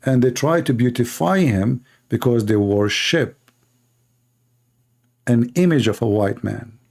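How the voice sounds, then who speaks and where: A man's voice: mid-range voice, expressive, measured pace, creaky, a little mellow. A man from the Middle East whose first language is Arabic, speaking English with an Arabic accent. He hosts a call-in debate show and talks in a mocking, sarcastic, teasing way. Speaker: host, Christian apologist. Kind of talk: debate show talk with callers.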